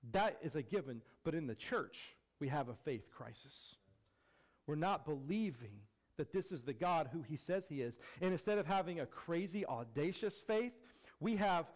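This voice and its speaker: A man preaching a sermon as a pastor, building to emphatic peaks and then dropping low and quiet. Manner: acts out quoted voices with jokey flair.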